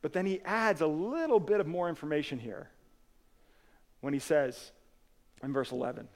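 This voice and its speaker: A man's voice: a little high, animated, normal speed. A man preaching a sermon as pastor, earnest and conversational, with casual asides and restarts. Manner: earnest, swings from emphatic to soft and quiet.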